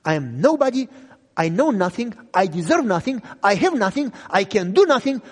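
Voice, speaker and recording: A young man who speaks English as a second language, preaching an emotional sermon testimony and swinging from loud cries to hushed low lines. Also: very animated, normal speed. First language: not English. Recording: echoey hall reverb.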